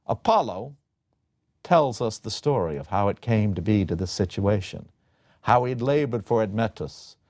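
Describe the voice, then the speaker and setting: A man giving a lecture on a classic Greek play, telling the story in an animated, dramatic way. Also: lowish voice, dry recording, clean studio sound.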